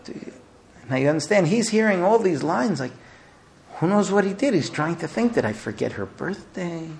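A man giving a lecture on marriage advice, telling stories in an animated way with many fillers and restarts. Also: sits high, moderate pace, gravelly, a little hiss or hum. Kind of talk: lecture with anecdotes.

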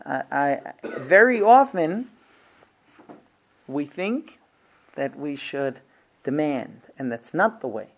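Man, marriage class teacher, animated, playful role-play asides, earnest lecture tone. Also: on the high side, slow, pauses often. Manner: lively, acts out husband and wife exchanges with humor; shifts between quiet earnest points and loud playful asides.

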